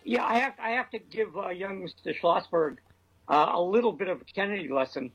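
A man's voice: high-pitched, lively intonation, a little fast, breathy edge, highs cut off, faint music behind. A man from Massachusetts, a political columnist guest, making wry, dry remarks in casual chat. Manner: wry, dry humor, hesitant restarts.

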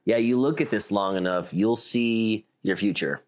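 A young man from South Dakota co-hosting a comedy podcast, rambling in a relaxed way and laughing often. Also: lowish voice, moderate pace. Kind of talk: casual comedic chat.

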